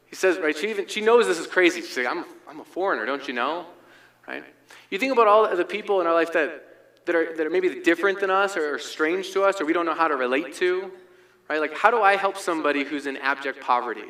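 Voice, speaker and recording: Male pastor, sermon, chatty delivery, slightly high register. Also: sharp tone. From United States. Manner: conversational, frequent "right?" asides.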